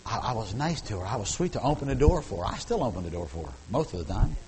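Animated middle-aged male preacher. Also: on the low side, fast talker, low-quality recording. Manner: animated, repeats words while building up, folksy humor. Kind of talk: sermon with personal storytelling.

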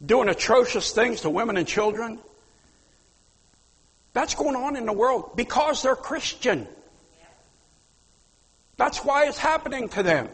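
Male pastor, husky, emphatic sermon delivery, long church-hall reverb. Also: extremely high pitch, expressive, measured pace, long pauses. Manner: fiery, emphatic preaching with sudden loud outbursts.

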